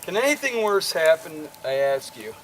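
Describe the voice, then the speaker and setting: A middle-aged man telling a story to friends at a party, laughing through it in an animated way, in an amateur video recording. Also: on the high side, moderate pace. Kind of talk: casual anecdote to a group. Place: outdoor gathering with friends. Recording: loud noise, amateur video.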